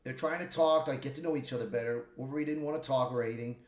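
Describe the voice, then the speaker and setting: A man giving a casual spoiler review of a film, retelling the plot in an excitable, rambling way with many restarts and swearing. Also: medium pitch, fast. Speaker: movie reviewer. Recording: echoey room.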